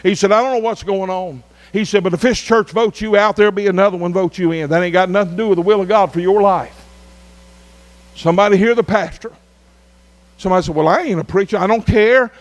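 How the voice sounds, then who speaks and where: High-voiced preacher. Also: male voice. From Arkansas. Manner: preacherly, drawn-out emphatic phrases. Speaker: pastor. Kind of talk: revival sermon.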